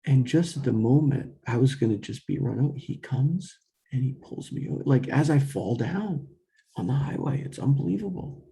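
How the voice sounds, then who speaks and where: A young man with a heavily gravelly, dark, mellow voice of medium pitch tells a personal story at normal speed, rambling with fillers and frequent restarts and self-corrections. He's animated, acting out quoted dialogue from himself and others.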